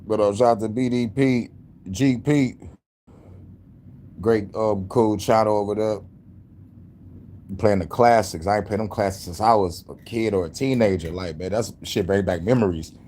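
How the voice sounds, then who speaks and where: A man's voice: fairly low pitch, normal speed, long pauses, dark tone, slight background noise. A man hosting a stream in casual chat, laid-back and slangy, rambling with fillers. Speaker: streamer host.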